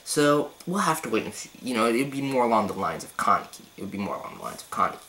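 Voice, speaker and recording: A man giving a casual, excitable manga chapter review, full of slang and swearing, swinging between loud outbursts and hushed asides. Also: mid-range voice, rapid-fire, a little hiss or hum, rough recording.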